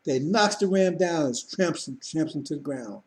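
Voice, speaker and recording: A man's voice: fairly high pitch, animated, normal speed. A man preaching a sermon, repeating points and addressing listeners directly with frequent asides.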